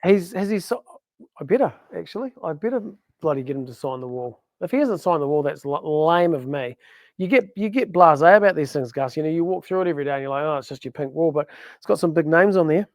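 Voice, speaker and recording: A man's voice: a little high, animated, fast, no room sound. A man co-hosting a podcast, joking and rambling in casual banter, exaggerating for laughs. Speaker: podcast co-host. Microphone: studio microphone.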